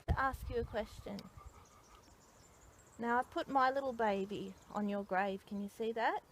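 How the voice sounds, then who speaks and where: Woman gently questioning a spirit outdoors. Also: a little high, normal speed. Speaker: psychic medium. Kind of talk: spoken séance at a graveside. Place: outdoor country cemetery. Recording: outdoor noise behind the voice.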